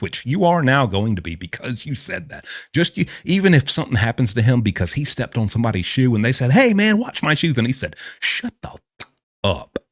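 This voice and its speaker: A man rants through a commentary vlog in a low voice that leaps up and down with emphasis. The sound is dry and close with no room around it. He hammers his points with blunt rhetorical questions. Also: no echo. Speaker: vlogger and former prisoner explaining prison life.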